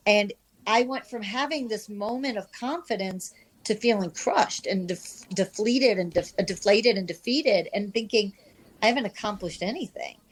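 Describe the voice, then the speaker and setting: Midwest woman in her 50s, sports reporter, chatty animated storytelling, laughs at herself. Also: mid-range voice, measured pace, poor audio. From Midwest of the United States. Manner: animated, self-deprecating anecdotes with restarts. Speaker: sports reporter, interview guest. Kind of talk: candid conversational storytelling.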